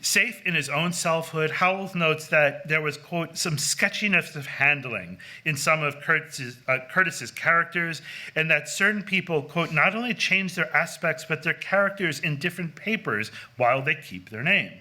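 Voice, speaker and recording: Bright-voiced man giving an academic lecture. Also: a little high, moderate pace. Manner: scholarly, with frequent fillers and self-corrections. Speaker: conference speaker. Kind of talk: academic lecture reading from a paper. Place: lecture hall.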